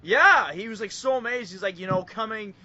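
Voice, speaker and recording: A man's voice: high voice, a little fast, highs cut off, crowd noise. A young man from Canada co-hosting a casual podcast, rambling with lots of fillers and breaking into giggles. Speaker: podcast co-host. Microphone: online voice call.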